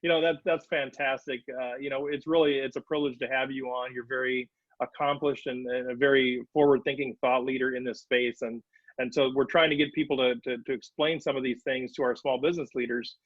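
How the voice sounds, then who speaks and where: A man's voice: medium pitch, steady tone, a little fast, fairly bright tone, no room sound. A man hosting a podcast interview in a friendly way, starting many phrases with "uh". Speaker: podcast host. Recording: dry, dull, lo-fi recording.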